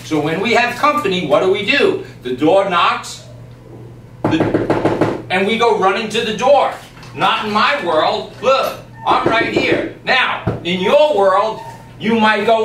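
A man training a dog on camera, explaining each step calmly and emphatically and breaking off to speak to the dog. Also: high voice, takes it slowly, loud music behind the voice. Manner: calm, emphatic, talks to the dog in between. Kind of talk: on-the-spot training demonstration. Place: yard and doorway of a house. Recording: distant, echoey camera audio with background noise.

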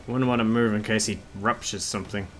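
A man's voice: lowish voice, fairly even intonation, brisk, slight background noise. A man streaming a video game, joking and sarcastic with the characters, laughing often and swearing in casual commentary.

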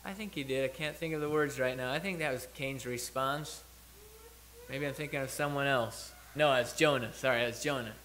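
A man's voice: medium pitch, moderate pace, a bit bright. A man preaching a sermon in church, talking it through in a conversational way with restarts and self-corrections as he thinks aloud.

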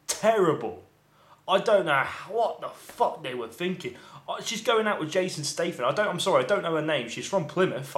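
In an echoey room, a man with a medium-pitched, fairly bright voice delivers a casual, rambling film review. It's laced with profanity, and he often sounds exasperated.

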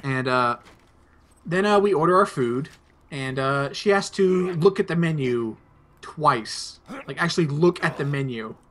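Laid-back young man, slightly high voice. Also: expressive, a little slow, a bit bright, slight background noise. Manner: rambling anecdote, laid-back. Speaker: let's play host. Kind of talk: casual gameplay chat.

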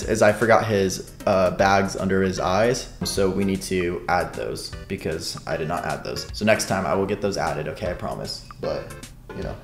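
A man's voice: lowish voice, reverberant. Rambling, crude-joking male streamer. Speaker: streamer reading chat. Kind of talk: casual livestream chat.

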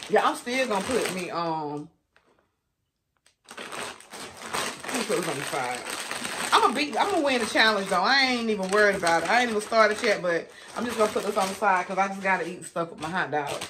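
Woman vlogger, forties, casual storyteller, warm and chatty. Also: medium pitch, expressive, moderate pace, pauses often, noisy background. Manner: chatty, addresses viewers as y'all, laughs often. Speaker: food vlogger.

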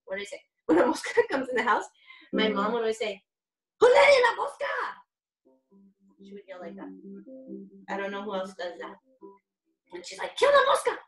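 A bright, high-voiced woman runs a playful bilingual music class for young kids, coaxing them to join in and sing along. She streams from a roomy, echoey space at home, with guitar and keyboard playing clearly behind her. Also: far from the mic. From Los Angeles. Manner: upbeat, coaxing, switches between English and Spanish. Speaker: children's music educator. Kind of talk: bilingual kids' music lesson, talking and singing.

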